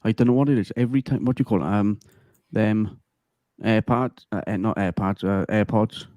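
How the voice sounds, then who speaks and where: A man hosting a casual livestream chat, talkative and quick to laugh, on a computer mic. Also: fairly low pitch, warm tone, dry recording. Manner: chatty, laughs easily. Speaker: livestream host.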